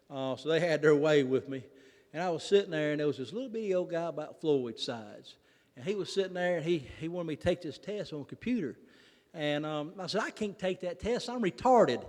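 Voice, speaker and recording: A man with a Mississippi Southern accent telling a folksy, self-mocking story to a recovery convention and acting out the people he quotes. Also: fairly high pitch. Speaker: recovery meeting speaker. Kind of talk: humorous personal story told to a convention audience. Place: large convention hall. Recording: long reverb of a convention hall.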